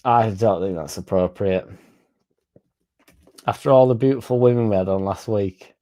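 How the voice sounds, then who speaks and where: A man's voice: lowish voice, moderate pace, mellow. A young man, chatting casually and swearing as he reads out comments on his fan stream. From England. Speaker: fan channel host reading live chat. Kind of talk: casual live-stream chat.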